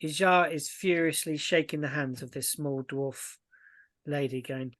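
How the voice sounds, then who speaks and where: A woman narrating a tabletop game as game master, in a slow, ominous storytelling manner. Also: sits low, dry recording.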